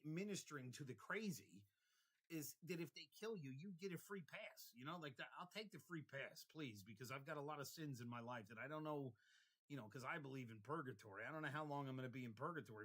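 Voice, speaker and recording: A man's voice: mid-range voice, rough recording. Rambling young man telling stories. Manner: rambling, tangent-prone, getting loud when worked up. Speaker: vlogger. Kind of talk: rambling casual monologue.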